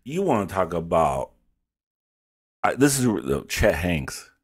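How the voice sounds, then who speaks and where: A man with a lowish, husky voice that swings widely in pitch as he chats. He reacts to a film with campy, profane storytelling, and the sound is dry and close. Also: big pitch swings, unhurried, no echo. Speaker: reaction video host. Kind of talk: casual reaction chat.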